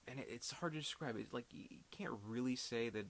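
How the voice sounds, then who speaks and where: A man's voice: mid-range voice, brisk, creaky, a little hiss or hum. A man casually reviewing a film, rambling with many fillers and restarts.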